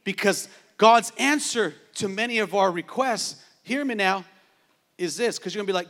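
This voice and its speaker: A man pastor delivering a sermon, moving between playful asides and loud, shouting exhortation. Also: high-pitched, animated, moderate pace.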